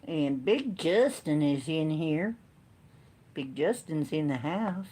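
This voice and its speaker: A woman's voice: sits low, expressive, takes it slowly, dark tone, husky. A woman hosting a card-reading live stream, chatting in a playful, joking way. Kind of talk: casual chat on a live stream.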